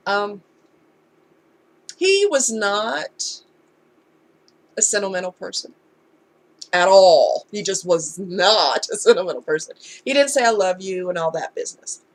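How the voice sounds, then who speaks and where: Woman doing a heartfelt storytime vlog, candid chatty tone, middle pitch. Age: adult. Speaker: vlogger. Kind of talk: casual storytime chat.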